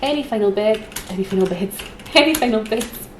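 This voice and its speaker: A woman's voice: medium pitch, lively intonation, brisk. A woman hosting a live auction, chatty and giggly with frequent ums. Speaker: auction host. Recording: roomy echo with faint noise.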